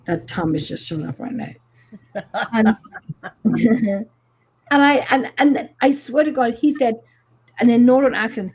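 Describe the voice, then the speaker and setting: Animated husky woman telling ghost stories. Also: a little high, a little slow, pauses often. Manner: animated, swearing, lots of fillers. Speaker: paranormal investigator. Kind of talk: casual storytelling on a live show.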